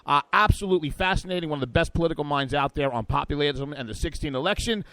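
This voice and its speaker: Loud brash talk radio guy, high bouncy voice, dead dry studio sound. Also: fast, no room sound. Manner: brash, hyped, riffing. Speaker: radio talk show host.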